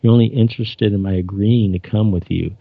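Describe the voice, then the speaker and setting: A man's voice: on the low side, fairly even intonation, brisk, creaky, dry recording. A man reading out the lines of a resolute woman starship captain, in a plain, slightly raised delivery. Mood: defiant. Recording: dull lo-fi dry recording.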